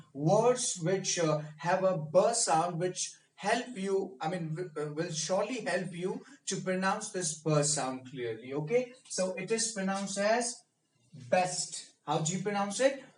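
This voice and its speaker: High-voiced man coaching pronunciation slowly. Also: lively intonation, distant mic, slight background noise. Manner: repeats and drills each word slowly. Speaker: speech coach. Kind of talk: pronunciation lesson. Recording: echoey room, mic set back.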